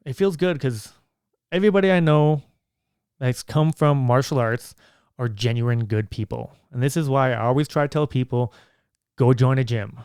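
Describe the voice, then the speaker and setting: A man's voice: mid-range voice, moderate pace, a little mellow, clear, resonant tone, no room sound, studio quality. A man hosting his own podcast, talking in a casual, earnest and rambling way. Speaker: podcast host.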